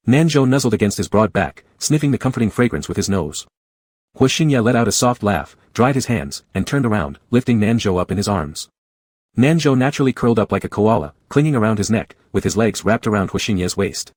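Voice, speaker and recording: A man giving an even, unhurried scripted narration of a romance story. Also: on the low side, no room sound.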